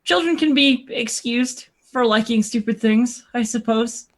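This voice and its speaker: A woman's voice: fairly high pitch, a little slow, natural voice. A woman playing a sardonic female court jester in a tabletop game, dry and sarcastic.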